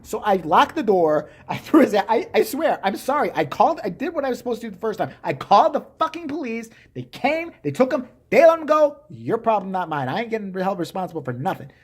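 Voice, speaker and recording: A woman's voice: mid-range voice, brisk, hardly any pauses, husky. A woman vlogger telling a story in an exasperated, profane rant. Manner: profane, exasperated, animated ranting. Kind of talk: ranting storytime vlog.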